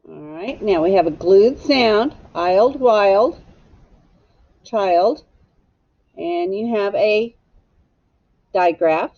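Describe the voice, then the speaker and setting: A woman's voice: mid-range voice, takes it slowly, pauses often, dry recording, muffled recording. A woman teacher giving a phonics lesson to young children, patiently sounding out and spelling each word.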